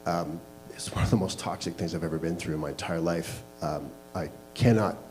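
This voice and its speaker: A man's voice: sits low, brisk, a little mellow, soft background music, rough recording. A man telling a candid personal story to a live audience, laughing at himself as he goes. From Canada. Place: small live venue.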